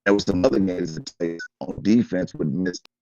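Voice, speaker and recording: Deep-voiced man on a muffled call. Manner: halting, loses his thread. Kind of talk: casual sports talk show.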